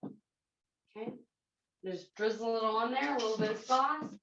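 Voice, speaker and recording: A woman's voice: a little high, unhurried, noisy background. A woman executive chef giving a chatty, step-by-step cooking demonstration in a kitchen. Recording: roomy, slightly dull sound.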